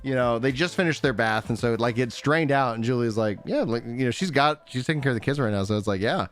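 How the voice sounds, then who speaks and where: A man's voice: mid-range voice, expressive, quick pace, soft background music. A man in his thirties hosting a livestream, talking casually, rambling with lots of fillers and frequent laughs. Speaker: livestream host. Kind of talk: casual chat.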